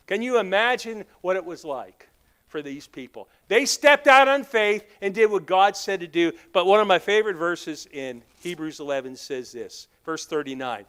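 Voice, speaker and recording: A pastor with a Southern accent preaching a sermon, telling stories and acting out the dialogue, teasing members of the congregation by name. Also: male voice, sits high, expressive, moderate pace, a bit bright, clean tone. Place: church sanctuary.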